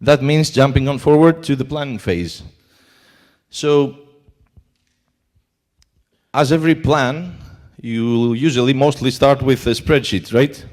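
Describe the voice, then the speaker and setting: Greek-accented male conference speaker, halting delivery. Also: mid-range voice, darkish tone. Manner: hesitant, many fillers. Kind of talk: conference talk. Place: conference hall.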